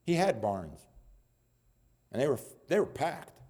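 Husky guy preaching slow, voice swinging way up and down, quiet then loud. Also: big pitch swings. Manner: swings between low murmurs and loud rising appeals. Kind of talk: sermon.

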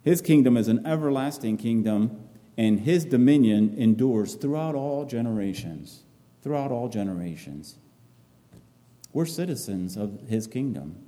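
Male preacher, very dark mellow tone, echoing hall, earnest halting delivery. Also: medium pitch, lively intonation. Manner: repetitive, halting, earnest phrasing. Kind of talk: sermon, reading and expounding scripture.

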